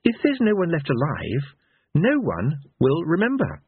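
A man doing a high, mournful young minstrel. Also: huge pitch swings, unhurried, breathy edge, dry recording, heavily acted. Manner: wistful, musing. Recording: tinny phone-like dry sound.

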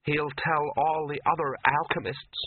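A man doing a brisk young actress. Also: a little high, steady tone, slight background noise, pitched above the performer's own voice, close to an everyday voice. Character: young female film extra, brisk and sharp. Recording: tinny, phone-like dry recording.

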